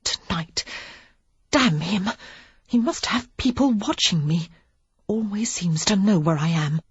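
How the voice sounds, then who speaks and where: Narrator doing a bold young lady, breathy hushed voice, kinda husky, dull lo-fi sound. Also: mid-range voice, sing-song, a little slow, dry recording, voice pushed up, heavily acted. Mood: urgent. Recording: dull lo-fi audiobook recording.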